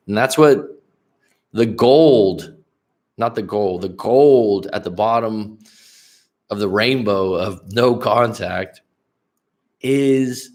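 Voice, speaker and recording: Blunt, profane male coach, low voice. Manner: blunt, profane, animated, calls viewers bro. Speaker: relationship coach. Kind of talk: livestream coaching, answering viewer comments.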